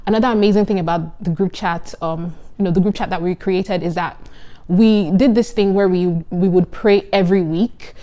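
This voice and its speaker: A young woman in her twenties, a medical student, chatting casually to camera in an animated, giggly and earnest way. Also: fairly low pitch. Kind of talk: casual vlog talk.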